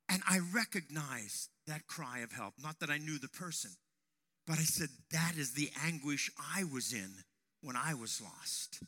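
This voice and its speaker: A man preaching a sermon to young men, telling a personal story and raising his voice to a shout at dramatic moments. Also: a little high, sing-song, a little slow. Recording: long hall reverb.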